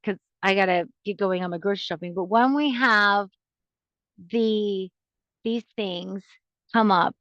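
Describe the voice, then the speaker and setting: A woman's voice: mid-range voice, dry recording. A woman hosting a podcast, giving casual advice in an earnest, rambling way that often stops and restarts mid-sentence. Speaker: podcast host. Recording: dry, dull lo-fi recording.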